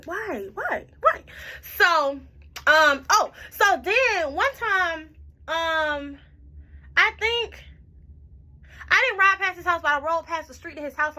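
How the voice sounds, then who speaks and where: A woman's voice: high voice, bright, forceful tone. A tipsy young woman telling a storytime in casual, profane chat, jumping around as she goes. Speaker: storytime vlogger.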